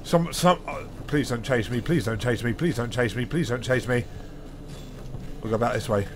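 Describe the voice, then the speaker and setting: A man's voice: mid-range voice, moderate pace, a little hiss or hum. A man giving panicky, profane commentary while playing a horror game, gasping and swearing as he goes. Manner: swears a lot, jumpy, panicky shouts and gasps. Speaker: gaming video host. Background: faint game music.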